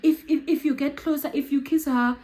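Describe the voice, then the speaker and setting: A woman's voice: high voice, fairly even intonation, brisk, dark tone, voice pushed up, natural voice. A woman quoting a mother who smiles while coldly refusing to let a child come near, repeating her refusals politely. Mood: dismissive.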